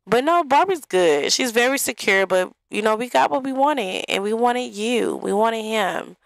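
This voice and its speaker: A woman's voice: fairly high pitch, expressive, moderate pace, vocal fry, dry recording, rough recording. A young woman giving casual gameplay commentary in a life-sim game, chatty and talking straight to her viewers. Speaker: gaming vlogger.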